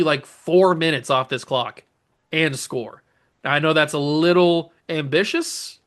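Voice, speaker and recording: A man with a fairly high voice hosts a gaming channel, offering casual, animated let's-play commentary. He pleads with his players and cheers their plays.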